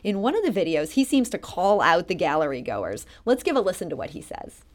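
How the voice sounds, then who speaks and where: A woman hosting an interview, giving measured introductions and asking questions. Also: lowish voice, big pitch swings. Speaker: radio host. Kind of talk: interviewing guests.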